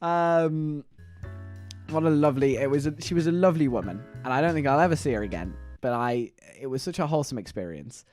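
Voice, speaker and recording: A man's voice: medium pitch, lively intonation, fast, hardly any pauses, a little mellow, faint music behind. A young man telling a rambling, chatty story to his viewers. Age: young adult. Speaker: vlogger.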